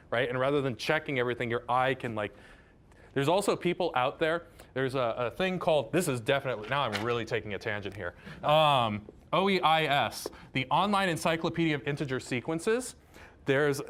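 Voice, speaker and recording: A man's voice: medium pitch, a bit bright. A man giving a casual math lecture. He chats, drifts into tangents and keeps checking in with "right?".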